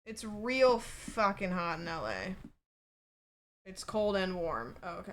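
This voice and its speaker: A woman's voice: medium pitch, sing-song, takes it slowly. A woman livestreamer chatting casually from a home setup, rambling and peppered with fillers and swearing.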